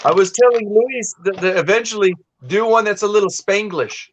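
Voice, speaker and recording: A man's voice: high voice, moderate pace, slight background noise. A man from California hosting a casual live stream, telling rambling stories with many restarts. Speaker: host.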